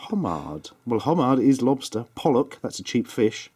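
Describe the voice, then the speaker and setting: A man's voice: medium pitch, moderate pace, mellow, breathy edge. A man hosting a casual food tasting, jokey and self-mocking, laughing often. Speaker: channel host.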